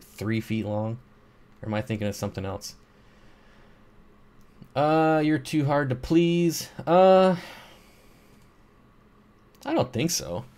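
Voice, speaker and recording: A man hosting a casual live stream, reading viewer questions aloud and answering them in a laid-back, rambling way. He is short on sleep. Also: medium pitch. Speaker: livestream host answering chat. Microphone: streaming microphone.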